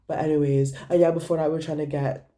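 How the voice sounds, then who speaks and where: A young woman vlogger telling a casual storytime, animated, gossipy and full of swearing. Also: low voice, quick pace.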